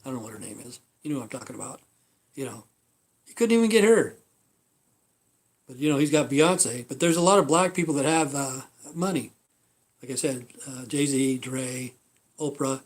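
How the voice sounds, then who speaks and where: A man's voice: mid-range voice, normal speed, long pauses. Blunt, profane man ranting casually. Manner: profane, blunt, repetitive fillers. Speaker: livestream host. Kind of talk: rambling casual rant.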